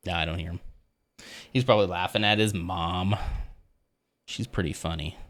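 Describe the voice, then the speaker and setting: A man's voice: low voice, steady tone, moderate pace, fairly bright tone. A man livestreaming as he builds a Lego set, chatting casually and laughing often at himself.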